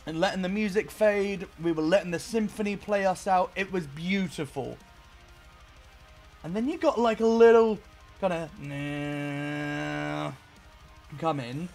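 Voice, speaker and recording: Excitable sweary man reacting to music. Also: high voice. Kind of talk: casual music reaction commentary.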